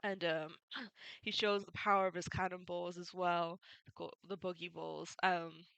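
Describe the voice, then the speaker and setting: A woman's voice: fairly low pitch, level tone, unhurried, gravelly, fairly bright tone, clear, resonant tone, dry recording, low-quality recording. A woman chatting casually as she recaps a comic, laughing often and using many fillers. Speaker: video creator summarizing a manga. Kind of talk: casual spoken summary.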